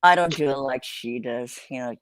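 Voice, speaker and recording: A woman's voice: extremely low pitch, moderate pace, no echo. An older woman hosting a casual live-stream chat, rambling and swearing freely as she greets viewers. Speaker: host.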